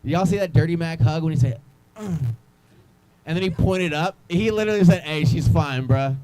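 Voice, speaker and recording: A young man works a small club crowd with loose, wandering stand-up. His voice sits a touch high but sounds mellow and dark. He rambles and restarts, teasing the audience as he goes. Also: a little fast, dry recording, poor audio. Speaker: stand-up comedian. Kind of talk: stand-up comedy with crowd work.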